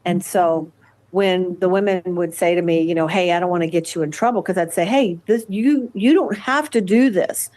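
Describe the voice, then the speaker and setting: An older woman answering interview questions at length, halting often with fillers and restarts. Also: fairly low pitch, darkish tone. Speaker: interview guest. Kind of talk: conversational interview.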